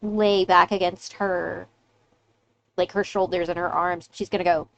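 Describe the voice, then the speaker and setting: A woman's voice: fairly low pitch, fairly even intonation, a little slow, creaky, a bit bright, highs cut off, a little hiss or hum. A woman running a tabletop game as game master, narrating casually with lots of fillers.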